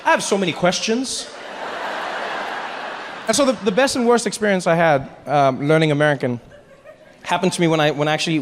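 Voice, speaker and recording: A man from Africa, telling stand-up stories in an animated, self-mocking way. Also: on the high side. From South Africa. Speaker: stand-up comedian. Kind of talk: stand-up comedy. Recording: echoey hall with faint noise.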